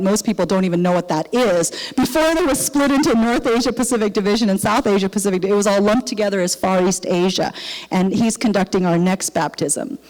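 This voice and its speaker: An older woman, a missionary speaker, giving an animated testimony in church and acting out the dialogue of her story. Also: medium pitch. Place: church sanctuary. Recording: long reverb of a church hall.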